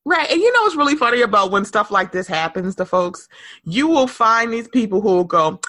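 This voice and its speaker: A woman in her thirties, a podcast host, talks in an animated, sing-song way with a lot of laughter. Her voice is bright and swoops widely in pitch. The sound is dry and close. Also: a little fast, no room sound. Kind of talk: casual chat.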